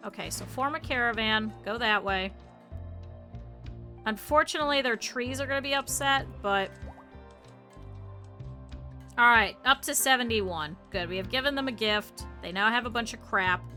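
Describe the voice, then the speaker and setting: Woman streamer, kinda high and really bright, yelling at her colonists and swearing, bit of music under her. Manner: chatty, scolds the game characters, swears, talks to chat. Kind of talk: live gameplay stream commentary.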